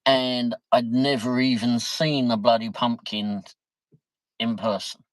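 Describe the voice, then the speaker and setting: A man's voice: medium pitch, steady tone, takes it slowly, dry recording, rough recording. Chatty man, dry close sound. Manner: chatty, laughs easily, mild swearing. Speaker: livestream host. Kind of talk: casual livestream chat reading viewer comments.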